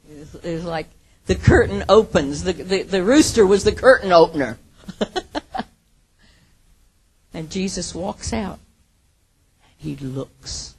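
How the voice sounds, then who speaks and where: A woman preaching a sermon, earnest, moving from hushed, quiet lines to emphatic ones. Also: mid-range voice, breathy edge.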